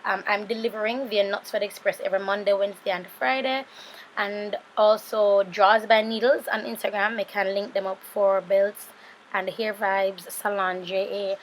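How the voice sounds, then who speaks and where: A Jamaican woman in her thirties talks through a makeup tutorial as a casual voice-over, rambling from one aside to the next and checking in with viewers. She sounds tired and sleepy, her voice pitched at an ordinary middle height, with a faint hiss of noise underneath. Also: steady tone, normal speed. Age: 30s. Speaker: beauty vlogger.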